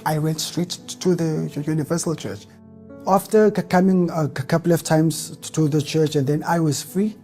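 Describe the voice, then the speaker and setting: With faint music in the background, a man speaks in a warm, steady voice on the high side at a moderate pace, sharing his church testimony. He stutters heavily, repeating first syllables, and his earnest, emotional account rises into fervent outbursts.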